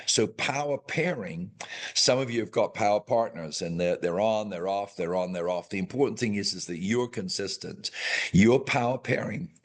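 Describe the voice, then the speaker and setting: A man with a slightly low voice leads a real estate team's training session. He speaks emphatically, drives his points home with repetition and motivational promises, and keeps checking in with his listeners. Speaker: real estate team coach.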